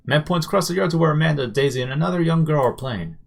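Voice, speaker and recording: A man streaming live, reading a visual novel's narration aloud in an animated way. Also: fairly high pitch, fast, creaky.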